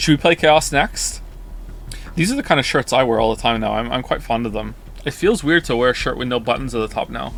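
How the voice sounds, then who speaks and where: Bright-voiced male streamer, chatty. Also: medium pitch, animated, fairly quick, gravelly, a little hiss or hum. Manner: chatty, rambling with frequent restarts. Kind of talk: casual livestream chat reacting to viewer comments.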